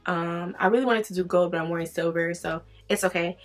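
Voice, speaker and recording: A woman's voice: on the low side, steady tone, fairly quick, faint music behind. A young woman beauty vlogger chatting casually while doing her makeup, acting out her own reactions in quoted lines and filling her talk with "you know" and "like". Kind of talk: chatty get-ready-with-me storytelling.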